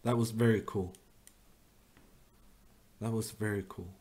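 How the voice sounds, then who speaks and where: A man's voice: lowish voice, steady tone, unhurried, a little mellow, husky. A young man, streaming chess and thinking aloud with wry, self-mocking remarks. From Norway. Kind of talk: live chess commentary.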